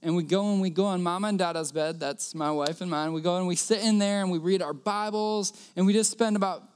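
Male preacher, high and smooth voice, earnest sermon storytelling with repeated key lines. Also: steady tone, a little fast, a little mellow.

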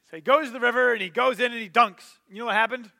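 A pastor tells the story with casual, animated energy, dropping plenty of fillers as he goes. His voice sits very high for a man. It sounds bright and forward. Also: fast, gravelly. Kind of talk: sermon storytelling.

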